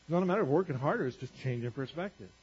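Husky guy preaching, kinda high voice, dull muffled audio. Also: expressive, racing, darkish tone. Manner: conversational preaching, repeats phrases, rises in pitch for emphasis. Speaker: pastor. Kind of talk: sermon. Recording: dull lo-fi recording.

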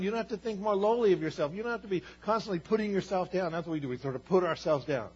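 Man, pastor, sermon, husky, slightly high voice, earnest, emphatic repetition, dull lo-fi recording. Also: animated, quick pace, a little mellow. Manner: earnest preaching, builds to emphatic repeated declarations.

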